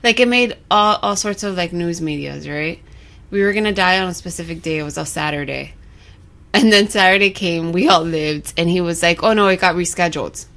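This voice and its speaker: A woman chats casually as podcast co-host. She tells stories in a relaxed, easygoing way. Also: lowish voice, fairly quick. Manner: chatty, laughing, casual. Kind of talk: casual banter.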